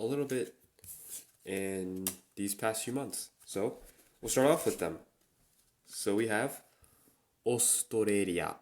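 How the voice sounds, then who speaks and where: A man hosting a relaxed solo chat, slowly repeating Japanese words as he teaches them. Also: lowish voice. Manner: relaxed, slow and repetitive when pronouncing words. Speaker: podcast host.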